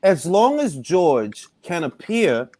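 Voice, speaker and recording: A man's voice: sits high, very animated, slow, darkish tone, no echo. A man hosting a casual boxing panel chat, talking in an emphatic, slangy way. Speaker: podcast host.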